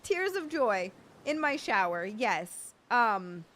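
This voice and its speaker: A woman's voice: fairly high pitch, very animated, slow pace, a bit bright. A young adult woman hosting a casual livestream chat, stammering and swearing in happy disbelief as she thanks viewers. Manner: overwhelmed, stammering, laughing and swearing. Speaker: livestream host.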